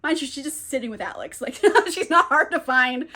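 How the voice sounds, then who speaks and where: High-voiced chatty woman recapping a book. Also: lively intonation, a little fast, pushed and bright. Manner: chatty, fillers of "like", laughs often. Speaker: book reviewer. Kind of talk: casual plot recap.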